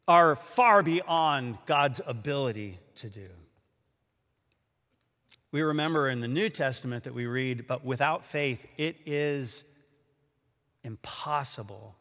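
A man preaching a sermon, telling a story with animated acted-out quotes and laughing at himself. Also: a little high. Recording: echoey hall.

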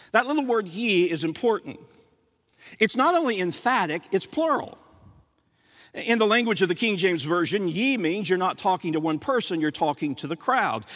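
A man's voice: high voice, fairly bright tone, in a large hall. A male pastor preaching a sermon emphatically, with repetitions and sudden drops to a near whisper.

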